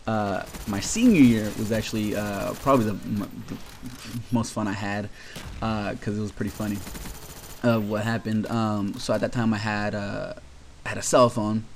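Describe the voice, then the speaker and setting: A man's voice: fairly low pitch, steady tone, moderate pace, slight background noise. A young man casually telling a long story about his school days, offhand and rambling with lots of fillers. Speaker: vlogger.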